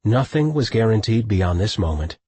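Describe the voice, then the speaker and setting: A man reading scripted audiobook narration with a husky voice, close to a studio mic. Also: lowish voice, very animated, normal speed, warm tone, no echo.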